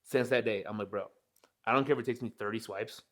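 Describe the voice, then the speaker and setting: A man's voice: on the low side, fast talker, a bit bright. A young man in casual podcast chat, telling a rambling story with plenty of swearing.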